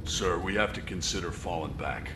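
A man playing a deep-voiced frustrated corporal. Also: moderate pace, background noise, lightly acted. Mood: worried. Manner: blunt, argumentative. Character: blunt, frustrated male resistance corporal. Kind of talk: video game cutscene acting.

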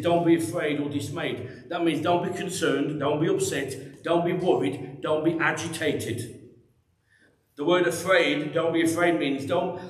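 Man preaching in an echoey church. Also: a little high. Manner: emphatic, conversational preaching with repeated phrases. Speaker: pastor. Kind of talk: sermon. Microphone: microphone.

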